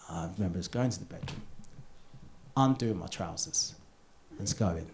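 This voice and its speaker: A man's voice: sits low, normal speed, pauses often, noisy background. British man telling stories on stage. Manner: chatty, confessional, builds to loud punchlines. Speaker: stand-up comedian. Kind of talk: live stand-up storytelling. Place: theatre stage.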